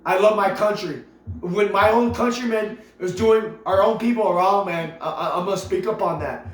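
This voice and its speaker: Man, fairly high voice, preachy repetitive rant to camera; roomy echo. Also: moderate pace. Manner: emphatic and preachy, stacks rhetorical questions; repeats himself, stumbles into restarts. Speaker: vlogger. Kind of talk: impassioned political rant to camera. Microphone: camera mic. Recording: echoey room with faint music behind.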